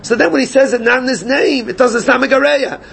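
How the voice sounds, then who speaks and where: A man teaching a Gemara class, animated and questioning his students. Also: very high voice, fast talker, gravelly, slight background noise. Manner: animated, questioning students, mixes Yiddish and Hebrew terms. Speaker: Talmud teacher.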